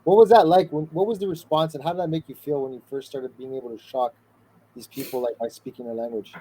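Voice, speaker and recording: A man's voice: mid-range voice, fairly even intonation, quick pace, dark tone, slightly rough, poor audio. A man hosting a podcast, enthusiastic and casual, swearing and calling his guest "bro". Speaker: podcast host. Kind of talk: casual interview chat.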